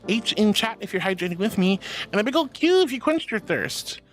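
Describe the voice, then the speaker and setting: Bubbly woman streamer with lively pitch. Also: fairly quick, soft background music. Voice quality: squeaky laugh. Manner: bubbly, affectionate, calls viewers sweetheart and darling. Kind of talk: live-stream chat reading.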